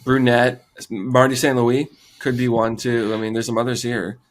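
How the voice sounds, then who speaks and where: A man's voice: medium pitch, level tone, normal speed. A man co-hosting a sports podcast, chatting casually and agreeably. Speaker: podcast co-host.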